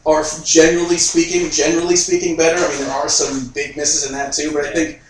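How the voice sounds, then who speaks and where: A man's voice: a little high, little pitch movement, quick pace, slight background noise. A man co-hosting a casual podcast chat, laughing often and riffing with mock quotes. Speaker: podcast co-host. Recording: very echoey room, far from mic.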